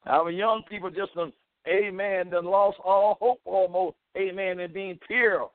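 A high, steady-toned male voice, slightly slow, preaches fervently over the radio. Sprinkling in "amen" and "praise the Lord," he presses his listeners to pray, and the audio is tinny and phone-like with no room sound.

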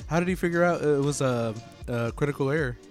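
A man's voice: a little high, fast, a little mellow, soft background music. A man in casual chat with friends, chiming in with short reactions and comments.

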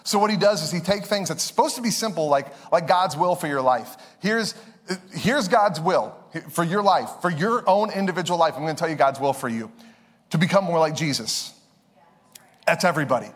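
Young male pastor, conversational sermon, slightly high voice, long reverb from the hall. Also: expressive. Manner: conversational, storytelling with quick asides.

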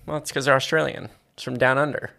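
A man co-hosting a podcast in casual chat, laid-back and quick to laugh and banter. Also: medium pitch, level tone, creaky, bright, forceful tone. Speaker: podcast co-host.

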